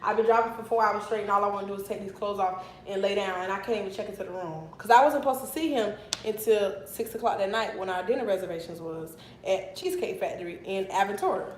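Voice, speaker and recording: A young woman in her twenties telling a long story to her viewers in a casual, animated and profane way. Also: medium pitch, fast, few pauses, roomy sound, a little hiss or hum, low-quality recording. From Miami, Florida. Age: 20s. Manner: animated and profane, flaring into mock anger.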